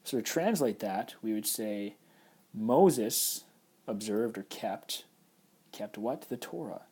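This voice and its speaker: Male lecturer, slightly low and husky voice, patient explanations, lots of fillers. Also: animated, slow pace, mellow. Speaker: Hebrew teacher. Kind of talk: recorded lecture over slides.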